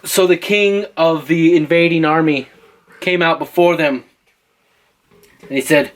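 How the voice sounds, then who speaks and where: A man's voice: fairly high pitch, steady tone, unhurried, pauses often, fairly bright tone, low-quality recording. A father telling an improvised choose-your-path story, playful and teasing, asking his listeners for choices.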